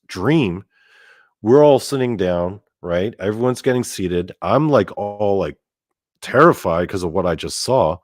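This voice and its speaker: Male host, lowish voice, loose rambling delivery with swearing, dry close mic. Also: no echo. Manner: rambling, filler-heavy, swears freely. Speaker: podcast host. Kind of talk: casual storytelling.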